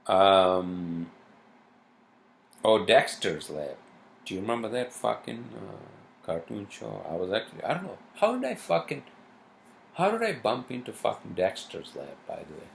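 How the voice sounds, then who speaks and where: Profane, worked-up man ranting, gravelly. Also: fairly low pitch, sing-song, a little slow, slight background noise. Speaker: vlogger. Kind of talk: solo rant vlog. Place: New York home.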